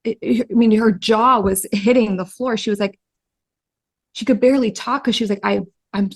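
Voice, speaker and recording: A woman breathwork practitioner being interviewed, telling client stories in an animated way with many "like" and "I mean" fillers. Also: a little high, moderate pace. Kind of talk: casual interview storytelling.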